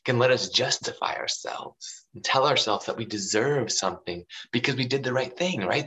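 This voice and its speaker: A man's voice: on the low side, a bit bright, poor audio. A man preaching a sermon in a loose, conversational way, often checking in with the listener. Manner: conversational, full of fillers like "you know" and "right".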